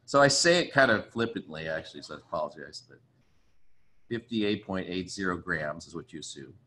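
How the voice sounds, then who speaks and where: A man with a fairly low voice gives a relaxed chemistry lecture. He thinks aloud as he works through problems and apologizes often. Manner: chatty, apologetic, thinks aloud while writing. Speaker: chemistry teacher. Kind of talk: casual recorded lecture.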